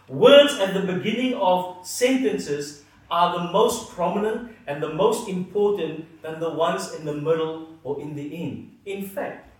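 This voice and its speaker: A man preaching a sermon, earnest and emphatic, letting his phrases fall soft at the ends. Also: sits high. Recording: echoey hall, mic at a distance.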